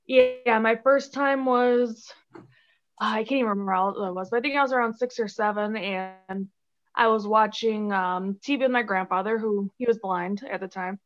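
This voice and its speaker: A woman's voice: mid-range voice, normal speed. Chatty, giggly woman on a dull line. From Chicago area, USA. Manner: chatty and giggly, full of "like" fillers. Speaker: podcast guest. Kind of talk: casual interview chat.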